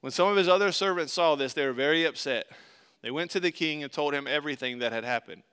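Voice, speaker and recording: A man preaching a sermon, reading scripture and explaining it earnestly, rising loud in the story and dropping soft on key points. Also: on the high side, fast talker, clean tone. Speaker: pastor.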